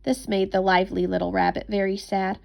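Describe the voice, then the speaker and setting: A woman reading a children's bedtime story aloud in a gentle, expressive storytelling manner. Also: mid-range voice, fairly quick, creaky, slight background noise.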